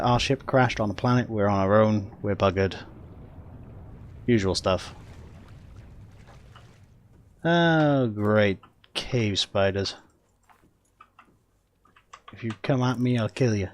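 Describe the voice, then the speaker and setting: A man's voice: fairly low pitch, a little hiss or hum. A man with a Welsh accent giving casual gameplay commentary as a streamer, chatting with viewers and laughing often.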